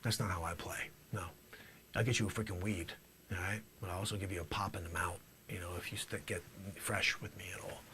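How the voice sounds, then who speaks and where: A man's voice: deep voice, fairly even intonation, brisk, pushed and bright, slight background noise, voice pushed down. A man voicing a sleazy, tough-talking middle-aged male drug dealer in a comedic mock courtroom sketch, boastful and brash.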